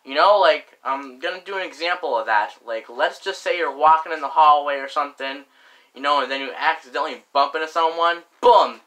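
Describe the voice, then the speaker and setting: A man's voice: on the high side, a little fast, bright, forceful tone, low-quality recording. A young man ranting to camera in a casual, indignant monologue, full of fillers and mild swearing. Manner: indignant, repeats "frickin'" and "like" often, lots of filler. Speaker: vlogger.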